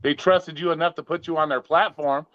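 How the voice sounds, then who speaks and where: A man's voice: a little high, fairly even intonation, a little fast, fairly bright tone, dry recording, lo-fi sound. A man on a casual live stream, arguing hard and repeating his questions. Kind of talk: casual debate.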